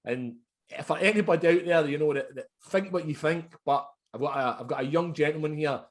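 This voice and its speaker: A man hosting a podcast interview, speaking in a sympathetic, halting way with many fillers. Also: a little high. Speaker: podcast host. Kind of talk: conversational interview.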